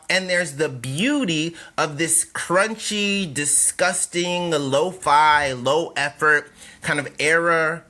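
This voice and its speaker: A man, a comedian guest, chatting casually on a podcast in a playful, animated way, slipping into mock voices. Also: a little high, slow.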